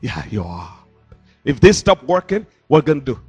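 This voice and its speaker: Male pastor, sermon delivery, husky timbre, animated pitch, handheld mic. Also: moderate pace, dull audio, faint music behind. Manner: emphatic preaching with rhetorical questions. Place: church. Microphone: handheld microphone.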